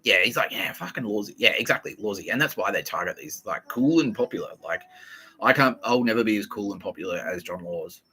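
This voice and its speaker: Aussie guy ranting on his podcast, swears a lot, tense bright voice, bit of faint room noise. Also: on the low side, lively intonation, fairly quick, rough recording. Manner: sweary, ranting, quotes people in put-on voices. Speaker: podcast host. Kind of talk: casual rambling monologue.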